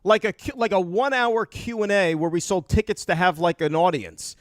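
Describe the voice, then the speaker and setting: A man co-hosting sports talk radio, excitable, laughing often and riffing on a joke at length. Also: high-pitched, fairly quick, no echo, clean studio sound. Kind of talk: casual sports radio banter.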